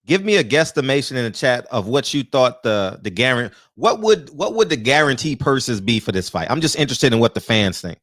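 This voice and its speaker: A man's voice: mid-range voice, sing-song, a little fast, few pauses, a bit bright, dry recording, studio quality. Chatty man hosting a loose live boxing talk. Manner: loose and chatty, swears casually; laughs often. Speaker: host of a live-streamed boxing talk show. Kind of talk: casual live-stream chat, greeting viewers by name. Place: small room.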